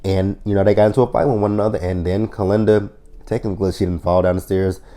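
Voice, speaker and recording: Reviewer, male: low, mellow voice, swears freely, retells scenes with lively quoted lines. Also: quick pace. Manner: profane, blunt storytelling. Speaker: TV show reviewer. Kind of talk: casual episode recap review.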